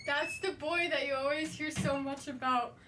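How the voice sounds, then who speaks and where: A woman with a high, bright-pitched voice chats casually to her stream from her room at home. She gushes and dotes, slipping into sing-song baby talk. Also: fairly even intonation, normal speed, background noise. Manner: gushing, doting, baby-talks to her cat. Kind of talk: casual chat with viewers.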